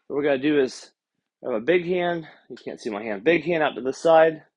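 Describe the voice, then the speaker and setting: A man's voice: a little high, lively intonation, a little fast. A man leading a seated stretching class online, calling out steps and counting reps with encouragement. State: out of breath. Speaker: exercise instructor. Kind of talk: live-streamed seated exercise class.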